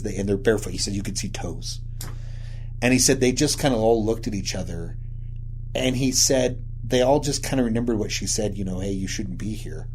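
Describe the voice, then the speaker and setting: A man's voice: on the low side, darkish tone. A man casually retelling a local ghost story he heard, rambling along with frequent "he said" and "you know" asides.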